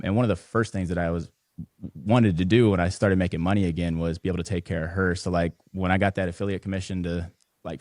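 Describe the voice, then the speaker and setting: A man in his thirties, a podcast guest, telling a personal family story in a halting, earnest way with many fillers and restarts. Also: low-pitched, darkish tone, dry recording, clean studio sound. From Houston, Texas.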